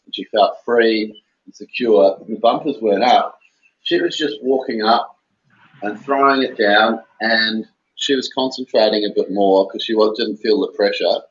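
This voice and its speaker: A man telling a casual anecdote in a relaxed, easygoing way. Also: on the low side, moderate pace, lo-fi sound. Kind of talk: casual chat.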